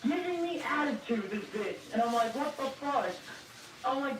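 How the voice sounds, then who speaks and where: A young woman telling a story in casual chat, animated, swearing a lot and acting out both sides of an argument. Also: sits high, normal speed. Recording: roomy, from a distance, faint noise.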